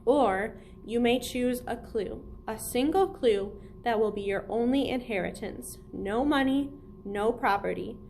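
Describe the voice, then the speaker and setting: Brief: formal, deliberate old male lawyer, read by a woman, higher-pitched, storybook. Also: darkish tone, slight background noise. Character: stern elderly male lawyer, formal, measured.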